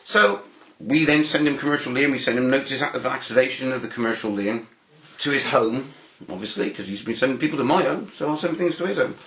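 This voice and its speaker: Man, mid-pitched, rambling storyteller in a roomy, echoey space, full of restarts and asides. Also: fairly quick, a bit bright. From United Kingdom. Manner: repeats himself, many restarts and fillers. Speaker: interview guest.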